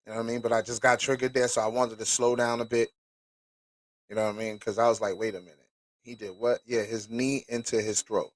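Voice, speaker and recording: A man's voice: mid-range voice, flat delivery, brisk, no room sound. A man hosting a show, reading documents aloud and stopping to react with casual, profane commentary. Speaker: host.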